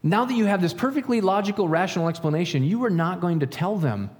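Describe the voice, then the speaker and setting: A man's voice: high voice, expressive, quick pace, hardly any pauses, darkish tone, in a large hall. A man preaching a sermon in a chatty way, asking rhetorical questions and acting out little stories. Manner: conversational, asks rhetorical questions; acts out stories in quoted voices. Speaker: pastor.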